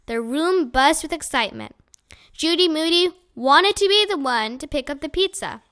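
A woman with a high, bright voice reads a children's chapter book aloud. Her telling is lively and expressive, shaping each sentence for young listeners. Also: moderate pace. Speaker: audiobook reader.

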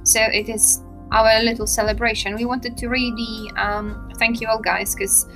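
A woman co-hosting a podcast, chatting casually to listeners in a friendly, slightly halting way. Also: on the high side, little pitch movement, pushed and bright, soft background music. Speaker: podcast co-host. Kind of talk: casual chat.

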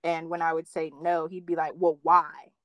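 Young woman, casual chat, animated storyteller, dry close sound. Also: a little fast, dry recording. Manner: animated storyteller, acts out quotes with big pitch jumps, many "like" fillers. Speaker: guest telling dating stories.

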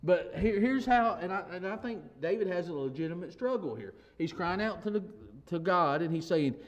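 A man's voice: sits high, expressive, normal speed. A male pastor preaching a sermon in a conversational way, with frequent restarts and "you know"s, then rising to emphatic declarations.

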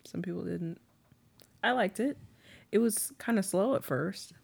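A woman co-hosting a casual podcast, wry and quick with one-liners, laughing often. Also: mid-range voice, gravelly, darkish tone, slightly rough. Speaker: podcast co-host. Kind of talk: casual chat.

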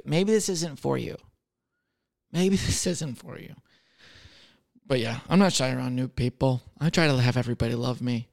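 This thirty-something server hosts his own podcast, drawing answers from question cards in relaxed solo talk. His mid-range voice carries vocal fry, and his storytelling is crude, sarcastic and self-mocking.

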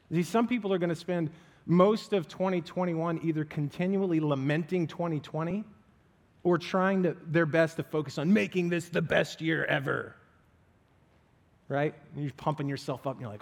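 A man with a high voice gives a casual, lively sermon as pastor, acting out the voices he quotes. His words ring with the long reverb of a hall.

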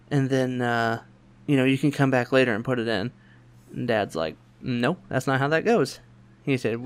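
Man, young adult, podcast host, casual storytelling, animated, quotes other people. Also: mid-range voice. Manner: quick, animated anecdote-telling with voiced quotes.

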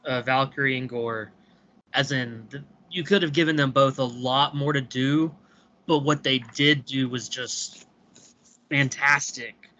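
A man co-hosting a podcast, giving thoughtful, measured opinions in a casual chat. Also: medium pitch, steady tone, sharp tone, muffled recording. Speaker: podcast co-host.

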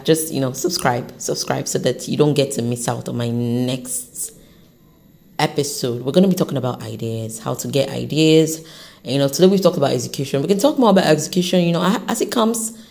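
A woman hosting her own podcast, giving an unscripted motivational talk straight to the listener, encouraging and animated, with an accent that shifts as she talks. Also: sits low. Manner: accent shifts while talking. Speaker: podcast host.

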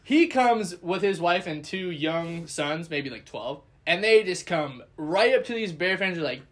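Animated man telling a story, fairly high voice. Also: measured pace, hardly any pauses. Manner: animated, acts out quotes, laughs often. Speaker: podcast co-host telling a story. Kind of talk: casual chat, storytelling.

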